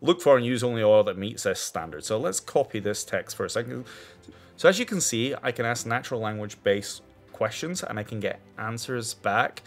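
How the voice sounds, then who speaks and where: A man presenting a screen-share technology demo, explaining in a halting way that restarts and repeats words. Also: medium pitch, expressive, faint music behind. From Scotland.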